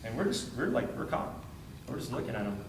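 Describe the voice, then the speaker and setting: A man speaks briskly and animatedly at a medium pitch while telling a story in a training talk to a group. He acts out the dialogue and repeats phrases for effect, and the recording sounds roomy and far off, with faint ambience and a noisy background.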